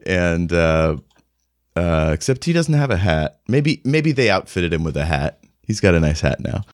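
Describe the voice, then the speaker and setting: Deep voiced guy running a tabletop game, rambly, dry close mic. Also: sing-song, normal speed, no room sound. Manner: rambling, casual, many fillers and restarts. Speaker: game master.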